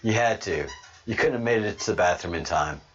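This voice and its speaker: A man from Ireland hosting a podcast, talking casually in an animated, rambling way and laughing often. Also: on the low side, brisk, slight background noise. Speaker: podcast host. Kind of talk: casual monologue. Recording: dull lo-fi recording.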